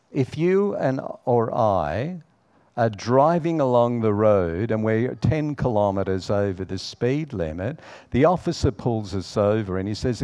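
A middle-aged man preaching a sermon, dropping to a hush and then rising, acting out the voices in his stories. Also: mid-range voice. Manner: dramatic, swings between hushed and raised delivery, acts out dialogue.

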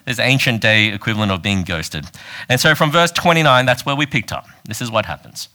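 Bright-voiced male preacher. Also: medium pitch, fairly quick. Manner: casual, animated storytelling with quoted voices. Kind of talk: conversational sermon.

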